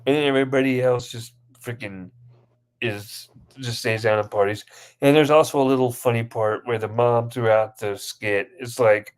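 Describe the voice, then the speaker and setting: A man in casual podcast chat, retelling comedy sketches with gusto and acting out each character's lines. His voice sits at an ordinary middle pitch. He rambles and restarts as he gets caught up in the story. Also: steady tone, moderate pace, clear, resonant tone. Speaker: podcast co-host.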